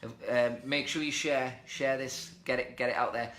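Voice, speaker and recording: Emphatic, bright-voiced man in an echoey room. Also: mid-range voice, normal speed. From India. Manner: animated, emphatic, motivational. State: tipsy. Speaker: host of a live show. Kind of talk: casual live-stream talk.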